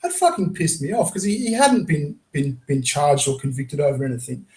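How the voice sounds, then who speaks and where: A man's voice: on the high side, big pitch swings, a little fast, a little mellow, roomy sound, rough recording. An Australian man hosting a casual chat, blunt and sweary, laughing often.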